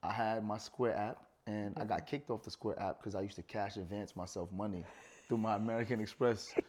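A man with a fairly low voice talks in a relaxed conversation. He tells personal stories in a candid, earnest way. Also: fairly quick, breathy edge. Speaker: guest. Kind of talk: casual conversation.

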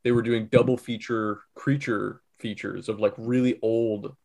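A man's voice: fairly low pitch, little pitch movement, measured pace, vocal fry, a little mellow. A man co-hosting a podcast, telling long rambling stories in casual chat. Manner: rambling storyteller, lots of fillers. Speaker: podcast co-host.

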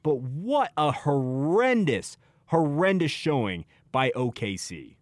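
A man hosting a sports radio show, emphatic and animated, who laughs easily. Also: on the high side, slow pace, no echo, clean studio sound.

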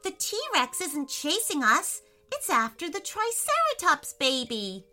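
A woman playing a young boy, excitable, high-pitched, bright voice, storybook reading. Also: takes it slowly, soft background music, heavily acted. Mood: excited. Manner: eager, high and breathless. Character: excitable young boy who knows dinosaurs.

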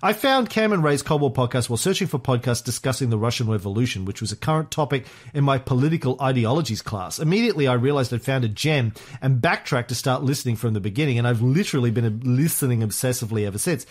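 A man's voice: medium pitch, animated, fast, hardly any pauses, close to an everyday voice. A man reading a listener review as a bubbly young American woman, in a put-on Valley Girl accent with an upbeat, sing-song delivery. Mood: gushing.

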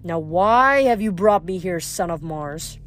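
A brutish, boastful giant, as a woman puts him on while reading aloud, drawls his threats slowly with a growl. Faint music sits far behind the voice. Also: fairly low pitch, expressive. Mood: mocking. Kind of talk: audiobook character voice.

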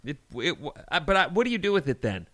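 A man's voice: a little high, sing-song, fast talker, pushed and bright, no echo. A man co-hosting a crude comedy podcast, telling blunt, self-deprecating jokes. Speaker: podcast co-host. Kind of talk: casual crude comedic chat.

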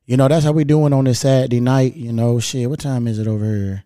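A man hosting his podcast alone, telling a story in a laid-back, profane, animated way. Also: medium pitch, a little fast, dry recording, clean studio sound. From Louisville, Kentucky. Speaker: podcast host. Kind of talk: casual solo storytelling. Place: at home.

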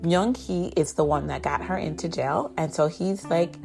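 Low-voiced woman chattily recapping a drama. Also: measured pace, gravelly. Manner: chatty and animated, heavy on "like" and "basically". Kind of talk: casual episode recap. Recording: guitar music underneath.

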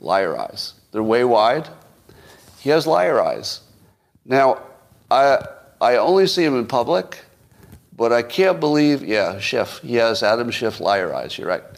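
A man's voice: medium pitch, big pitch swings, unhurried, vocal fry. A man hosting a solo podcast, giving casual, opinionated political commentary with frequent restarts. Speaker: podcast host.

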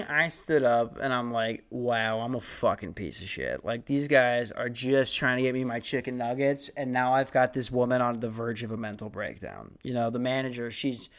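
A young man in his twenties spins a long, rambling comic story on his podcast, swearing freely and mocking himself. His voice is smooth and resonant, pitched in a middle range for a man. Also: moderate pace. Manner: rambling, profane, self-mocking. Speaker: podcast host.

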